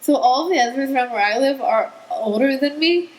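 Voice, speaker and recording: Teen girl, podcast host, casual chat, chatty, slightly high pitch. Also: animated, normal speed, noisy background. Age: teenager. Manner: chatty, laughing anecdotes.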